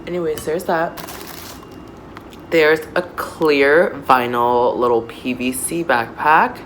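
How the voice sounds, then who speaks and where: A woman in her thirties chatting casually through an unboxing, gushing and excitable, with lots of fillers, recorded on a phone. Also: deep voice, slow, a little hiss or hum, low-quality recording. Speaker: doll unboxing vlogger. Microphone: phone camera.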